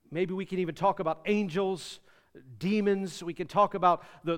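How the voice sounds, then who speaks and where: A man, a pastor, preaching a sermon emphatically, swinging between loud and soft. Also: high voice, smooth. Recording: reverberant hall.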